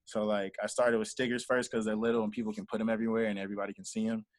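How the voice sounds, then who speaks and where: Speaking rapid-fire in a fairly low, level voice, this young entrepreneur and artist manager chats as an interview guest and performs the quoted lines in his stories. There's no echo on the recording.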